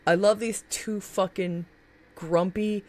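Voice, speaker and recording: A woman's voice: medium pitch, steady tone, takes it slowly. A woman streaming live in a casual chat, gushing about favorite characters, laughing often and swearing freely.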